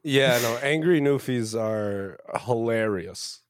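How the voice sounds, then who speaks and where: A man chatting casually as podcast co-host, easygoing, with quick, agreeable quips. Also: medium pitch, smooth, no room sound, studio quality. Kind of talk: casual chat.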